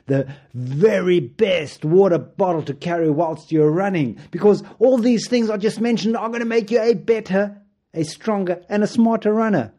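Man podcast host, casual monologue, playful and joking, fairly high mellow voice. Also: measured pace. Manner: playful, joking, chuckles often, tells stories. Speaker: podcast host and running coach.

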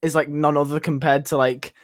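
A laid-back young man with a Northern English accent, rambling through casual podcast chat full of slang. His voice sits fairly high for a man and sounds dry and close to the mic. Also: little pitch movement, a little fast, no echo. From Northern England. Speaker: podcast guest host.

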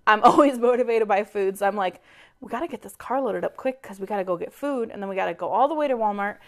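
A woman co-hosting a podcast rattles off a story fast in a medium-pitched voice. She's exasperated and animated, swearing freely and acting out quoted dialogue as she vents in casual chat.

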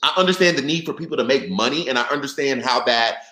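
A man hosting a live political podcast, reading and reacting to viewers in a lively, direct way. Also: medium pitch, fast talker, roomy sound, poor audio. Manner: animated, talks straight to viewers. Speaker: podcast host. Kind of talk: live-stream political commentary.

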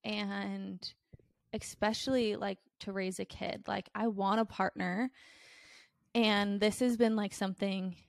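Speaking slowly and flatly with a creaky, medium-pitched voice, a young podcast host talks frankly and bluntly, using plenty of fillers in casual conversation. The recording is dry and studio quality.

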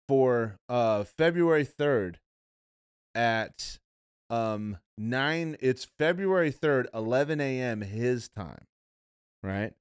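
A man's voice: medium pitch, clean tone, no echo, studio quality. A young man hosting a podcast in casual chat, rambling and profane, calling people "bro" and "dude.". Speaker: podcast host.

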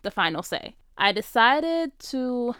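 Young woman, very smooth clear voice, dry close sound, casual animated storytelling. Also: fairly high pitch, slow, no echo. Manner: animated, acts out quoted dialogue, frequent "like". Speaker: vlogger.

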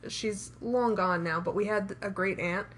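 A woman's voice: medium pitch, unhurried, a bit bright. A young woman co-hosting a podcast, chatty and teasing, laughing often. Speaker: podcast co-host. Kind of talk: casual chat.

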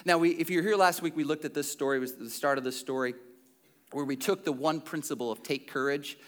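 A man's voice: fairly high pitch, fast. A male pastor giving a sermon in a conversational way, full of restarts and asides, in church.

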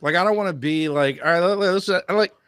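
Man on a podcast, fairly high, bright tone, dry sound, joking. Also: a little fast, clear, resonant tone, no echo. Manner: joking, hesitant, full of fillers. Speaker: podcast co-host. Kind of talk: casual chat.

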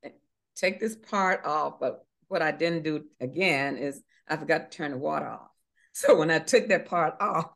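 A woman's voice: sits low, normal speed, vocal fry, a bit bright. A middle-aged woman recounts a personal faith testimony in an interview. She speaks earnestly, hesitating with fillers and restarts, and lifts her voice to act out the people in her story.

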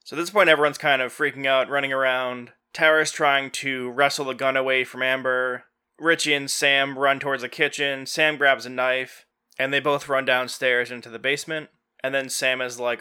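Bright, clear-voiced man recapping a film. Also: medium pitch, fairly even intonation. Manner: retells scenes quickly, quoting characters in a loose offhand way. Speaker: podcast host. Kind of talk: casual movie recap.

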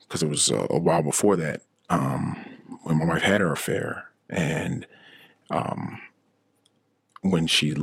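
A middle-aged man hosting a podcast, telling a painful personal story in a halting, emotional way, with many restarts and fillers. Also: rumbling low, creaky, a bit bright, husky, dry recording, studio quality. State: emotionally shaken. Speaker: podcast host. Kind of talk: personal confessional monologue.

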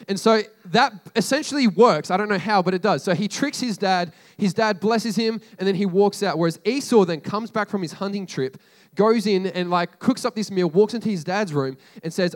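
A man's voice: high voice, moderate pace. A man casually retelling a story to a group as a sermon, chatty and slangy, with frequent asides to his listeners.

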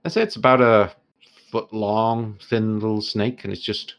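A man narrating a tabletop game as game master, lively and laughing often, with many fillers. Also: on the low side, moderate pace.

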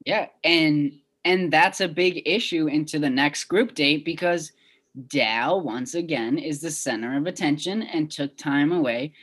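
A young woman co-hosting a podcast in casual chat, recapping events in a measured way. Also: deep voice, a bit bright, husky. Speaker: podcast co-host.

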